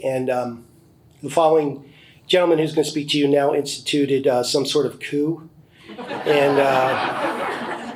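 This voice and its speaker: A man's voice: medium pitch, slight background noise, low-quality recording. A man emceeing an indoor gala, ad-libbing with many fillers as he introduces guests and speakers. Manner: hesitant, many fillers, loosely ad-libbed. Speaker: former board chair acting as emcee. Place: large indoor banquet hall.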